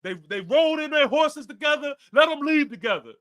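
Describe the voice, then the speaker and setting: A man with a very high, sharp, bright voice rants on a live fan stream. He curses freely and hammers the same lines over and over, fired up and relentless. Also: animated, a little fast. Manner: profane, repetitive, fired-up ranting. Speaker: fan podcast host. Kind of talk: ranting live post-game stream.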